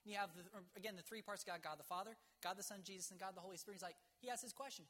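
A middle-aged man preaching a folksy, earnest sermon in numbered points, full of rhetorical questions, and dropping low and slow on key words. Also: sharp tone. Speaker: pastor.

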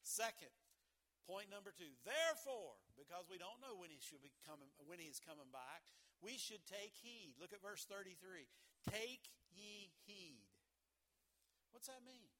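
A middle-aged male pastor preaching a sermon in a church, emphatic and folksy, swinging from loud exhortations down to near-whispers and repeating his numbered points. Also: high-pitched, sing-song, normal speed. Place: church sanctuary. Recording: long hall reverb.

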